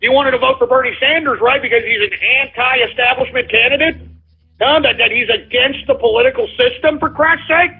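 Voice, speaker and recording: Guy hosting a call-in radio show, real high husky voice, swearing and ranting, sounds like a tinny phone line. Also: brisk. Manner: profane, heated, repetitive.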